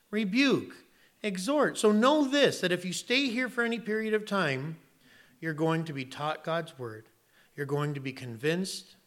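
A male pastor delivering a sermon in a bright, forceful voice that sits a little high for a man. He preaches emphatically, swinging from loud exclamations down to quiet, earnest tones.

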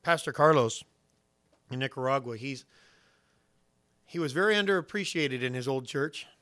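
A man's voice: medium pitch, normal speed. A man pastor preaching a sermon in a casual, conversational way, often asking his listeners questions. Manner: conversational, animated, asks the audience questions.

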